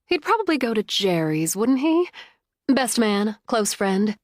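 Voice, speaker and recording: A woman's voice: mid-range voice, big pitch swings, measured pace, no echo, voice pushed up. A woman voicing a loving, protective middle-aged mother who is fiercely indignant on her daughter's behalf, read in an audiobook with a dry, close sound. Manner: warm, soothing, indignant.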